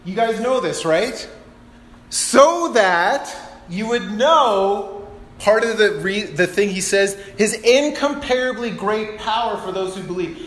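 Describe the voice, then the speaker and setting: Man, preacher, high voice, lively sermon, acts out scripture quotes, roomy hall reverb. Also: slow pace. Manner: animated, acts out Bible quotes, laughs at himself. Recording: echoey hall.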